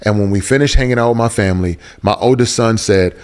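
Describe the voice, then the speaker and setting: An earnest man with a lowish voice tells a personal story as an interview guest. He searches for words and circles back to repeat phrases for emphasis. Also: fast, a little mellow, clean tone. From Houston, Texas.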